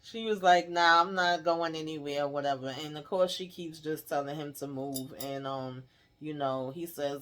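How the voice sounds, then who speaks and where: A woman's voice: low-pitched, fairly even intonation, moderate pace, fairly bright tone. A woman recapping a TV episode in a casual, chatty way, laughing often and acting out the characters' lines. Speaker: TV recap host.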